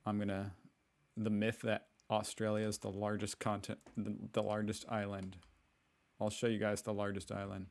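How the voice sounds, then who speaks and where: Brief: American man reacting on camera, very low voice, dry close sound, loose and self-mocking. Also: completely flat delivery, normal speed, darkish tone, dry recording. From United States. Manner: rambling, joking and self-mocking. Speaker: reaction video host. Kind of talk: casual reaction commentary.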